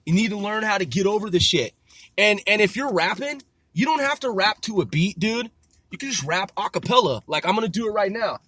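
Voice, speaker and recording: A man hosting a podcast from his car, freestyling rhymes and rambling, loud and profane. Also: high voice, lively intonation, brisk, breathy edge, dry recording. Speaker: podcast host and rapper. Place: in a car, driving.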